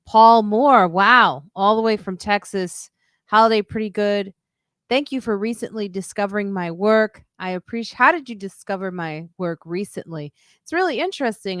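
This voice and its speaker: She's a comedian who also hosts a podcast, and here she chats easily on her own live stream, saying hello to viewers and reading their comments. Her tone is fairly bright, though she mentions doing a strange low radio voice, and the studio-quality audio has no echo.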